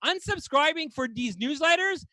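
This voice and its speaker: A man doing stand-up, with a very high, bright, forceful voice. He rants in exasperation and swears freely. The sound is dry and close. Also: expressive, normal speed, no echo. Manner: exasperated, ranting delivery; swears casually. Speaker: stand-up comedian. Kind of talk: stand-up comedy set.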